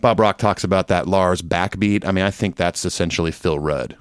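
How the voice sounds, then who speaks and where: Man, podcast co-host, casual, agreeable, filler words, low pitch. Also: a little fast, clear, resonant tone, no echo, clean studio sound. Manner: relaxed, agreeable, with many fillers. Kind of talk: casual chat, reading listener emails.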